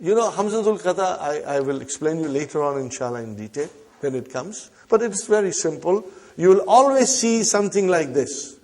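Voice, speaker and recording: A man teaching Arabic to a class, slowly repeating phrases and prompting the students with short questions. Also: on the high side, expressive, darkish tone. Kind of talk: classroom lesson.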